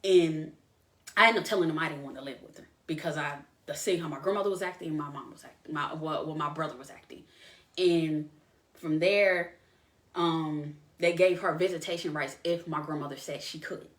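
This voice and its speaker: A woman podcast host telling a painful personal story, halting and emotional, with many restarts. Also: low-pitched, a bit bright, reverberant.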